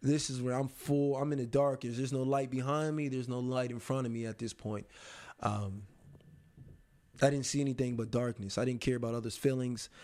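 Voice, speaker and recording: A young adult man in an interview, telling a personal story in a reflective, halting way with many pauses and restarts. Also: medium pitch, steady tone, mellow.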